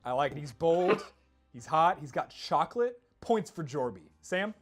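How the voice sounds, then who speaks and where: A man hosting a casual esports panel chat, laughing often and swinging his pitch widely. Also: animated, unhurried, soft background music. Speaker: host.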